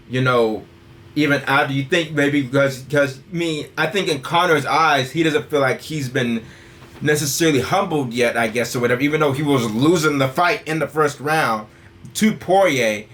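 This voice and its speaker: A man's voice: medium pitch, a bit bright, a little hiss or hum. A young man hosting a casual podcast, rambling and tacking "and stuff like that" onto his points. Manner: rambling, says "and stuff like that" constantly. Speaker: podcast host.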